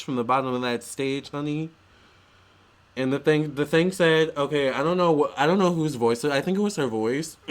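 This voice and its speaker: A man's voice: medium pitch, clean tone. A young man vlogging in a chatty, gushing way, full of fillers and restarts. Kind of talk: casual storytelling vlog.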